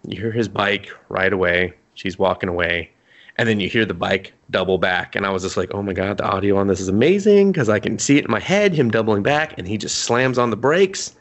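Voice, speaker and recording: A low-voiced man co-hosts a relaxed podcast chat. He talks excitedly and swears freely while recapping a show. His tone is gushing and informal. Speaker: podcast co-host.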